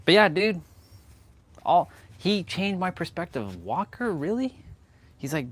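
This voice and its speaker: A man's voice: sits high, big pitch swings, measured pace, long pauses, fairly bright tone. A young man from Canada hosting a fitness livestream, talking casually with a laid-back, slangy, laughing manner.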